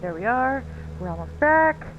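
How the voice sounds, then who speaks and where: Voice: high voice, very animated, normal speed, narrow, tinny audio, heavy background noise. A live streamer giving casual gameplay commentary, chatting to themself and tossing in playful silly words.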